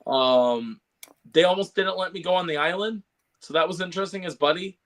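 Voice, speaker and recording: Chatty guy podcast host, kinda high voice, rambles w lots of ums and laughs. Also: a little fast, a bit bright. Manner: rambling, many fillers and laughs. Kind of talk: casual chat.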